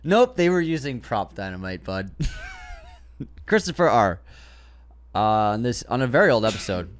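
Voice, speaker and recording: A man's voice: lowish voice, sing-song, moderate pace. A man co-hosting a movie podcast, reading listener comments aloud in casual chat and laughing often. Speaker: podcast co-host.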